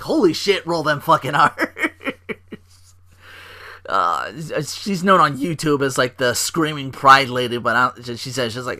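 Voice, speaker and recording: A man hosting a casual solo podcast, rambling excitedly with swearing and fillers. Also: medium pitch, normal speed. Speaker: podcast host.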